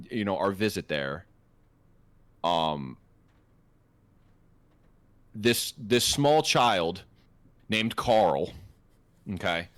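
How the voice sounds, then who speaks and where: Deep, lively young man telling a story. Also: no echo. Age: 20s. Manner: rambling and profane, with many fillers and restarts. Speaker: podcast co-host. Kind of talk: casual storytelling chat.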